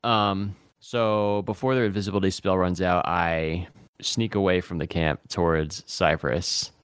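A man's voice: deep voice, fairly even intonation, a little slow, clear, resonant tone, no echo, studio quality. A man playing as a guest in a tabletop game, methodically talking through plans step by step. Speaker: guest player.

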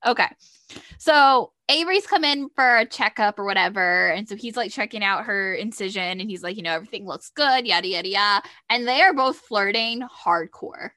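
A woman co-hosting a podcast, gushing excitedly as she retells TV scenes in casual chat. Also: medium pitch, normal speed, no echo, studio quality. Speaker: podcast co-host. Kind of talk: casual fan chat about a TV show.

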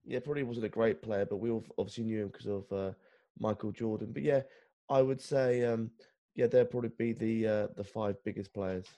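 A man's voice: lowish voice, a little fast, mellow. A man with an English accent co-hosting a podcast, chatting casually, hesitant and self-deprecating. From England. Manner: hesitant, lots of ums and uhs, self-deprecating. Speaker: podcast co-host.

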